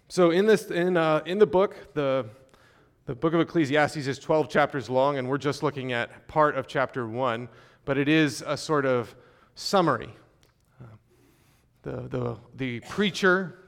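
A male pastor preaching a sermon in a measured, conversational way, with fillers and restarts, slowing to stress key phrases. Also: medium pitch, vocal fry. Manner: slows and stresses key phrases when reading scripture.

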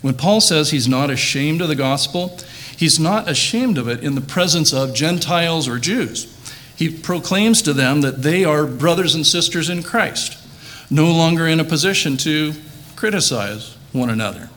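A pastor giving a sermon, earnest, stressing quoted lines and restarting phrases, then leading a quiet prayer. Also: male voice, a little high, expressive, normal speed.

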